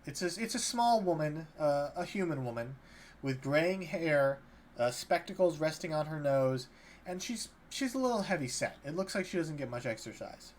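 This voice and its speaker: A man's voice: a little high, animated, moderate pace. A man running a tabletop game as dungeon master, narrating loosely with many fillers and restarts. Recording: faint background noise.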